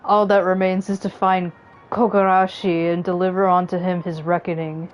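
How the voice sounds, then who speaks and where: A woman voicing a stern, dignified old male samurai master from a video game, speaking slowly and solemnly. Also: on the low side, little pitch movement, faint music behind, lightly acted. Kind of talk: reading game dialogue aloud.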